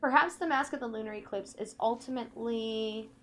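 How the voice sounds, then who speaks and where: A woman playing a video game, reading in-game notes aloud slowly and carefully, breaking off now and then to comment. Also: a little high, fairly bright tone. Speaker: let's play gamer.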